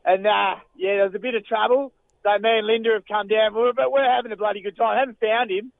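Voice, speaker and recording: A man's voice: high voice, steady tone, fast talker, gravelly, no room sound. Man putting on Gaz, a rambling Aussie bloke on the phone. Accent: Australian. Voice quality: rambling, drawling, trailing off. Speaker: caller. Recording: tinny phone line.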